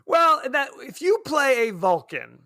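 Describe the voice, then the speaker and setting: A man with a high, bright voice recorded close and dry, co-hosting a casual podcast. He talks about a film in a sarcastic, joking way and laughs often. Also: sing-song, a little slow, no room sound. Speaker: podcast co-host. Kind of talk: casual film review chat.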